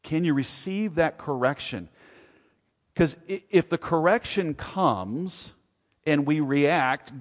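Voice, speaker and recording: A man's voice: on the high side, lively intonation, takes it slowly, long reverb tail. A man preaching a sermon as pastor, earnest and preacherly, often rising into emphatic questions.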